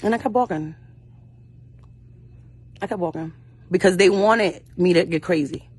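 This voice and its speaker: A woman's voice: on the low side, normal speed, a little mellow, breathy edge. A young woman, an actress speaking as a guest in an interview, telling personal stories bluntly and fiercely, cursing often and acting out other people's voices. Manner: blunt and fiery, with frequent cursing; acts out quoted voices of her mother and others. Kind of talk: passionate storytelling in an interview.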